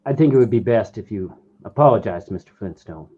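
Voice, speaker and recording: A man's voice: lowish voice, lively intonation, quick pace, mellow, husky, lo-fi sound. A man performing an improvised comedy scene on stage, giving curt, matter-of-fact replies.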